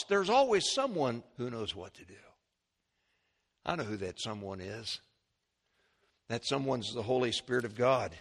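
Preacher man with soaring, shouting swells. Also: a little slow, long pauses. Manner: swings from low murmur to high shouting when animated. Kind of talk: sermon. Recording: long hall reverb.

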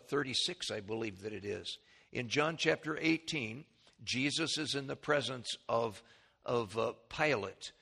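A man preaching a sermon, explaining scripture earnestly and clearing his throat often. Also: medium pitch, pushed and bright.

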